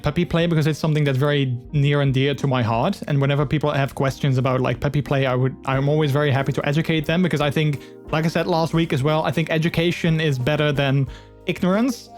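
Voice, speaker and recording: A man's voice: a little high, quick pace, faint music behind. A man streaming live, chatting with his viewers in a rambling, earnest way full of fillers. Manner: open and earnest. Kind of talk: casual live-stream chat.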